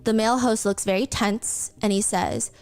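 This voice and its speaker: A woman's voice: medium pitch, moderate pace, clean tone, faint music behind. A woman hosting a reaction video, recapping a TV clip and earnestly explaining the cultural context with sympathy. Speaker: reaction channel host.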